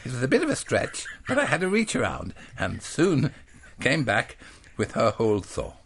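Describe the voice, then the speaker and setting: A man reading a storybook, voicing a cheerful, naive young man who speaks brightly and eagerly. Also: mid-range voice, wildly swooping pitch, moderate pace, gravelly, slight background noise, exaggerated voice.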